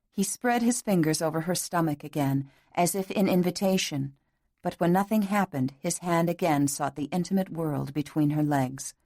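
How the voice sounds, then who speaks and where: A woman reading a romance novel aloud in scripted audiobook narration. Her voice sits a little low, and her delivery is soft and intimate. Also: moderate pace, dry recording, studio quality.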